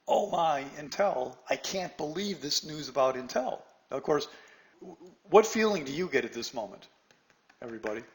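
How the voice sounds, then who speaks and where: A middle-aged man leads a trading webinar with lively, animated delivery. He fires questions at his audience and jumps into quick impressions of a shouting news anchor. His voice sits in an ordinary middle pitch. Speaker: trading instructor. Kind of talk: live webinar lesson.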